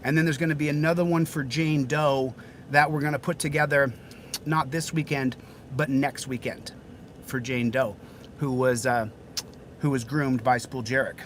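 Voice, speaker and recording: A man's voice: medium pitch, steady tone, normal speed. Sweaty man livestreaming from a noisy street. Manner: rambling, talkative, with repeated phrases. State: hot and sweating. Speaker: livestreaming channel host. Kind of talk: casual live-stream chat.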